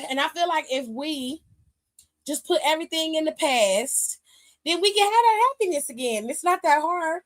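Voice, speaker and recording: Sassy high-voiced woman host. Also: moderate pace. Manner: sassy, animated, profane storytelling. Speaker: aftershow host. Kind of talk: casual recap chat. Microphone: streaming mic.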